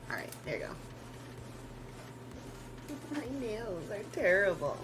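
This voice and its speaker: A woman artist talks through a drawing stream at a middle pitch, loose and rambling. She restarts her sentences, drops in casual swears and never sounds scripted. A faint bed of room ambience sits under her voice. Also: very animated, takes it slowly, pauses often, background noise. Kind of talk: casual live-stream chat.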